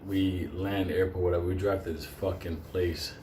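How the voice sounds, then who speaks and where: A man's voice: low-pitched, flat delivery, normal speed, darkish tone. Profane, laughing male storyteller. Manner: swears constantly, laughs between lines. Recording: roomy with faint background noise.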